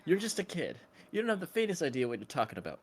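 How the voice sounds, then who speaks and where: A man reading the lines of an earnest male therapist lecturing a young man, in a steady tone with stumbles. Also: on the high side, racing, husky, voice pushed up, full character voice. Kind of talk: casual reading of a film scene.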